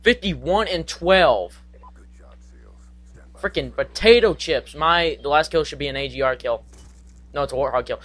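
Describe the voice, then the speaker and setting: A young man giving live gameplay commentary, excitable and goofy, trash-talking with singsong asides. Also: medium pitch, brisk. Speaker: gaming commentator.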